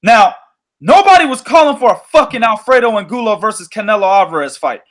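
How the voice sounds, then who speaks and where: A man hosting a boxing podcast, telling stories in an animated, profane way. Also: high voice, brisk. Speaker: podcast host. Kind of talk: casual boxing podcast chat.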